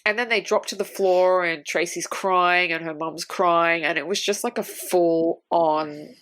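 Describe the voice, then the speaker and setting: Podcast co-host, woman, lower register, swears freely, acts out the characters' lines. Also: steady tone, measured pace, fairly bright tone. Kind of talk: casual film review chat.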